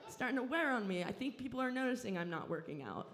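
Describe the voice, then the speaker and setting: A woman's voice: a little high, animated, quick pace, a bit bright. A young woman from Southern California doing a stand-up set on a club stage into a handheld mic, rambling, self-deprecating and swearing freely. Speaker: stand-up comedian.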